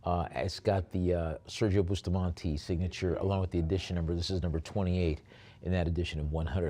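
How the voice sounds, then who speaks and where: A man working as an auctioneer, describing lots in a rambling way with many fillers and then calling bids briskly. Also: low-pitched, flat delivery, warm tone.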